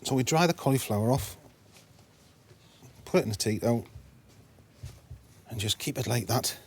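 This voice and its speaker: A man's voice: mid-range voice, normal speed, darkish tone. A man co-hosting a cooking show, giving brief, friendly replies and calling his partner mate. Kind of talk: cooking demonstration. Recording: faint background noise in a studio kitchen.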